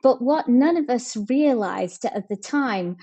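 A woman giving a motivational talk as a guest speaker, talking in a measured, steady way with some fillers. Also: a little high. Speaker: guest speaker, team leader.

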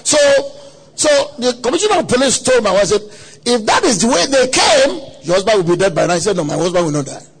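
A man preaching a sermon at a conference, telling a story dramatically with quoted voices and sudden shouts. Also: very high voice, sing-song, fairly quick, gravelly, husky. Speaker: pastor. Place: conference hall.

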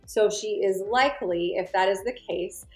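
A woman co-hosting a casual conversation who gives measured, reflective analysis. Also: mid-range voice, roomy sound, soft background music.

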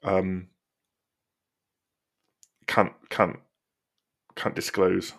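A young man with a gravelly, lowish voice chats on a podcast. He is chatty and laughs easily at his own ideas. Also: monotone, very slow. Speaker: podcast co-host. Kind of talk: casual chat.

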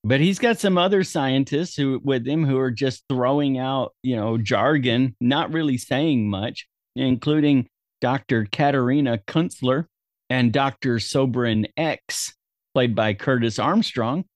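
A man's voice: medium pitch, unhurried, dry recording, studio quality. A man hosting a casual film review chat, summarizing the plot with wry jokes. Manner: summarizing, wry, laughs easily. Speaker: podcast host.

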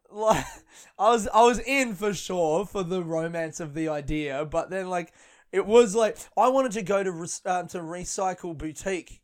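A young comedian with a slightly high voice talks at a moderate pace on his podcast. It's casual chat: he rambles, laughs a lot, and swears freely.

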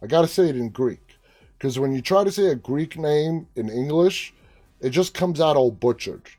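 A man's voice: on the high side, expressive, moderate pace, dark tone, faint music behind. An American man hosting a live stream, chatting casually, reading out viewer comments and entertainment news, and often getting sidetracked. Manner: chatty, easily sidetracked, teasing.

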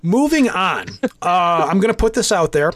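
A man in his forties hosting a casual podcast, telling rambling stories quickly and acting out the other people's lines. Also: high voice, a bit bright. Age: 40s. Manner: rapid, rambling storyteller who acts out dialogue. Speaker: podcast host. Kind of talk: casual chat, storytelling.

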